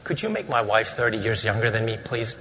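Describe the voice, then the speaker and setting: A man's voice: lowish voice, sing-song, a little fast, pushed and bright, in a large hall, a little hiss or hum. A man as a sheepish fifty-year-old husband. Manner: hesitant, sheepish.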